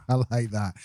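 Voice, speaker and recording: A man co-hosts a podcast with blunt jokes and casual swearing. His voice is very dark and mellow, at a middle pitch. The sound is dry, with no room echo. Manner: blunt and jokey, swears freely. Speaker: podcast co-host.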